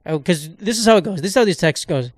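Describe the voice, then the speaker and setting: A man's voice: sits high, expressive, fast, no room sound, clean studio sound. A man hosting a solo podcast, ranting in a rambling, sarcastic, profane way and cutting himself off mid-thought. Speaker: podcast host.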